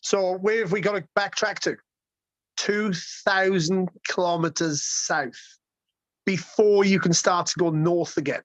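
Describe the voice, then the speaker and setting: A man with a notably high voice spins a wild road-trip tale as a guest, excitable and profane, tripping over his own restarts. The sound is close and dry, with no room around it. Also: measured pace, no room sound. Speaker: guest storyteller. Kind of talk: casual road-trip storytelling.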